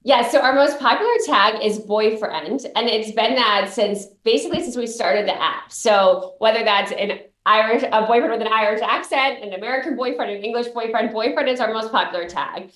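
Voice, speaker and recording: A woman's voice: on the high side, moderate pace, few pauses, a bit bright. Upbeat woman founder on a roomy line. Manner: fluent, upbeat explaining. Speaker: app founder, guest. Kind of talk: radio interview.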